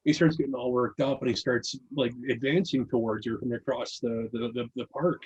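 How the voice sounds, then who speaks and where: Casual podcast storyteller, male, husky, rambling delivery, dull lo-fi sound. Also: medium pitch, steady tone, moderate pace. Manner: rambling, many restarts and fillers. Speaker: podcast guest reading his own article.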